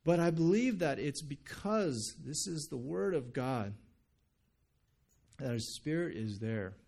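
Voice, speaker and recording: A man pastor preaching a sermon, animated, acting out people's reactions and reading scripture aloud. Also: a little high, slow, gravelly. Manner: animated, acts out quoted reactions.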